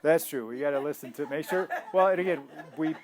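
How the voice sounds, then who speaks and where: Guy giving a faith talk, bit high voice, rambles n restarts a lot, tells stories. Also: fairly quick, a crowd in the background. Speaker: health ministry teacher.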